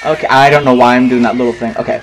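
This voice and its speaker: A man's voice: medium pitch, fairly even intonation, very fast, slight background noise, rough recording. A man giving casual, rambling commentary over gameplay, chatting freely and swearing at opponents. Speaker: gaming commentator.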